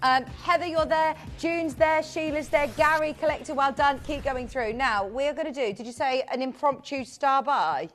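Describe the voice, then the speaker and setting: A woman's voice: high voice, moderate pace, hardly any pauses, a bit bright, faint music behind. A woman presenting live on a shopping channel, chatty and upbeat, calling out buyers' names. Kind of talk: live TV sales pitch.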